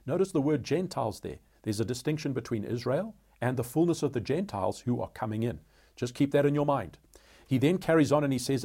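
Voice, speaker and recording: A man leads a Bible study and works slowly through the text, asking questions and pointing out words to underline. His voice is dark and mellow with a husky edge. He sits at an ordinary middle pitch. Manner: methodical, asks rhetorical questions, tells listeners to underline words.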